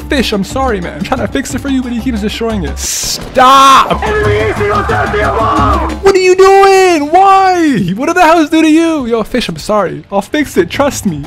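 A young man streams his gameplay, teasing other players and laughing often. His pitch bounces lively between lines. Faint music plays under his talk. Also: normal speed. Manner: playful, trolling, laughs often. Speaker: gaming streamer. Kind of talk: live gameplay commentary.

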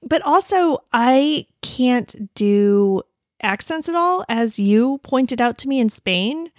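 A woman's voice: a little high, expressive, slow pace, no room sound, studio quality. A woman hosting a true-crime podcast, talking casually with frequent apologies and laughs. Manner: chatty, apologetic, laughs often. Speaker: podcast host.

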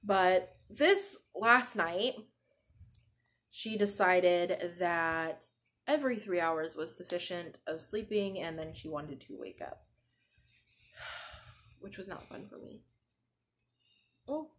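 A woman's voice: fairly low pitch, animated, takes it slowly, long pauses, a bit bright. A woman in her thirties hosting a podcast, chatting casually and rambling with lots of "like," sleep-deprived as a new mother. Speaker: podcast host. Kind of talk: casual chat.

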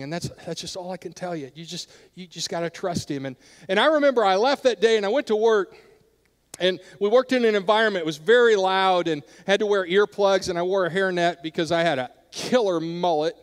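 Earnest male pastor, high voice, hall reverb. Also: a little fast. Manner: earnest, drops softer when telling personal stories. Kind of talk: sermon.

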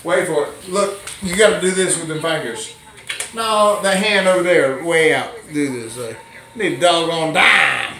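A man's voice: fairly high pitch, lively intonation, normal speed, crowd noise. A man performing as a children's clown and magician, teasing and coaxing a child in folksy playful banter. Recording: echoey room, mic far off.

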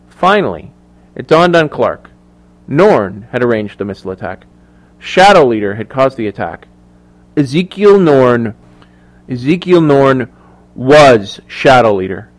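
A man reading a thriller audiobook aloud in a measured, even storytelling voice. His pitch sits in the middle range and his delivery stays steady. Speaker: audiobook narrator. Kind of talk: scripted narration.

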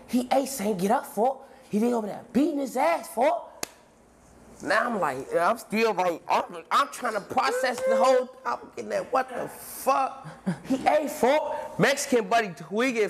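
A man tells a story as an interview guest, in heavy street slang. His voice sits a little high, and he jumps into shouts and other voices to act out each scene. A faint room hum runs underneath. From Chicago. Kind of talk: animated storytelling.

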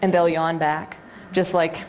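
A woman's voice: fairly low pitch, flat delivery, unhurried, darkish tone, slight background noise. A woman teaching a live seminar, talking conversationally to the audience with frequent fillers and questions. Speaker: seminar instructor on dog behavior.

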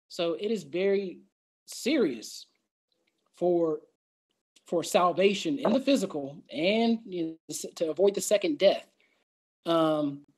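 Man teaching scripture conversationally. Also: a little high. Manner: conversational, reads scripture aloud and acts out doubters' voices. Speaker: Bible teacher. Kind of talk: Bible study teaching.

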